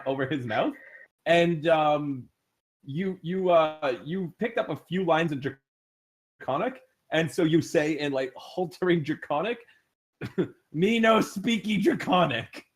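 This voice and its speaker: A young man running a tabletop role-playing game as game master, laughing often and voicing characters as he narrates. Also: a little high.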